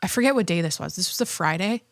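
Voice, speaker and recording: A woman's voice: lowish voice, animated, fast talker, dry recording, clean studio sound. A pregnant woman in her thirties hosting a podcast, chatting casually in a rambling, profane way with lots of restarts, a little out of breath. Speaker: podcast host. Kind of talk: casual chat.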